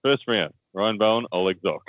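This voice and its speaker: A man's voice: on the low side, normal speed, no echo, muffled recording. A man with an Australian accent, co-hosting a casual chat and telling a story, laughing often and repeating words as he goes. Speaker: co-host, armwrestler.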